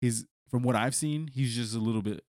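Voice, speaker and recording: A man's voice: mid-range voice, brisk, a little mellow, no room sound, studio quality. A man co-hosting a sports podcast in casual chat, rambling and often saying "like". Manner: rambling, many "like" fillers. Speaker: podcast co-host.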